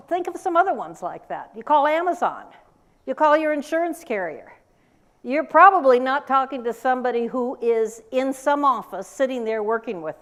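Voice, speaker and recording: An older woman giving a lively, emphatic conference talk and quizzing the audience as she goes. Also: on the high side. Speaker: workforce speaker.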